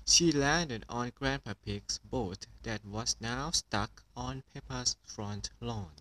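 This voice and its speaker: A man reading a children's picture book aloud in an even storytelling voice. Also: mid-range voice, slow, low-quality recording. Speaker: storybook reader.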